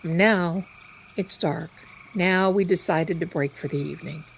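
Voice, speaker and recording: A woman hosting a live stream, telling a story in an animated, chatty way. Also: lowish voice, a little slow, gravelly, slight background noise, rough recording. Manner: animated, chatty, loud bursts of laughter. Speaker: psychic live-stream host.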